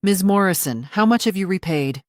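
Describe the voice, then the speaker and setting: A woman voicing a female attorney cross-examining a witness, calm, precise and relentless. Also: fairly low pitch, moderate pace, no echo, clean studio sound, pitched above the performer's own voice, close to an everyday voice. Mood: cold.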